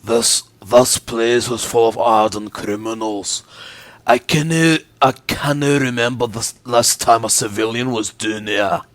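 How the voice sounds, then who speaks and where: Brief: a man playing a blustering prison governor, rough Scottish accent, menacing. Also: medium pitch, a bit bright, voice pushed down. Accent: attempted Scottish. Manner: blustering, threatening. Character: gruff hostile male prison governor.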